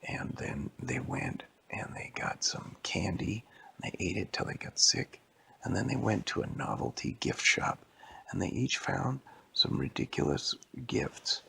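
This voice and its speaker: A man telling an improvised bedtime story in a hushed, mostly whispered voice. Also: fairly low pitch, very animated, unhurried, creaky.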